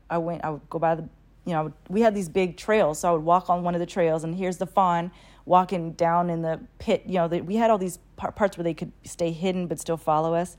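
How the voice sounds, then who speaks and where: A woman casually telling a long personal story, animated, with plenty of fillers and swearing. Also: lowish voice. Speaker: channel host.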